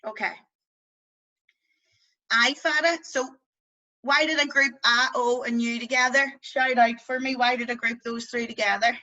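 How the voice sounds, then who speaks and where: A woman with a West Belfast accent leads a beginners' language class over a video call. Her voice sits a little high and rings very bright. She talks in a chatty, playful way and draws out vowel sounds to demonstrate them. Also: steady tone, measured pace, pauses often, rough recording. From Northern Ireland. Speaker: Irish language teacher.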